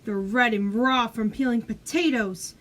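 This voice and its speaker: A woman's voice: fairly high pitch, measured pace, a little hiss or hum, natural voice. Woman doing a bold, cheeky little pirate girl. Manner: defiant, cheeky retorts. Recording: roomy echo.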